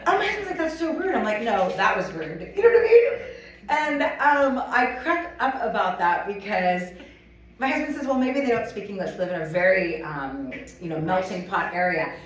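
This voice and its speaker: A woman giving a chatty, animated sales training talk to a live audience, acting out little scenes as she goes. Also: medium pitch, moderate pace, slight background noise. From United States. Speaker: motivational speaker at a sales event. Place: conference room with a live audience. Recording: echoey room, from a distance.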